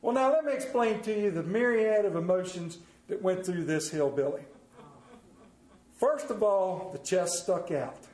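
A middle-aged man preaching a sermon, telling a folksy story that moves between hushed tender passages and loud emphatic preaching. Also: high voice, a little slow, roomy sound, rough recording. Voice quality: folksy Southern drawl talk with "ain't" and "y'all". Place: church sanctuary.

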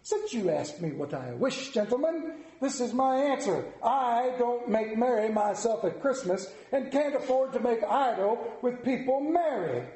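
A man's voice: very high-pitched, sing-song, a little slow, few pauses, dark tone, pitched above the performer's own voice, exaggerated voice. A man voicing a stingy, grumpy old miser who gives curt, scornful refusals. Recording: echoey room.

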